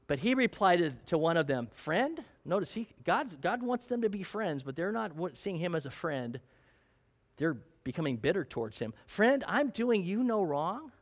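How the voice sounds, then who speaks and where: High, lively male preacher. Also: moderate pace. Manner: conversational, quizzes the congregation. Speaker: pastor. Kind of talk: sermon.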